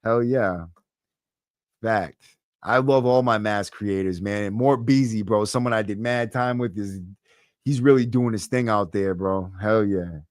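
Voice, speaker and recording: A man's voice: lowish voice, moderate pace, no echo, studio quality. A young man with a thick Boston accent hosting a casual livestream podcast, chatting to viewers in a brash, streetwise way full of swearing and slang. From Massachusetts. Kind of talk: casual livestream chat reading comments. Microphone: close podcast mic.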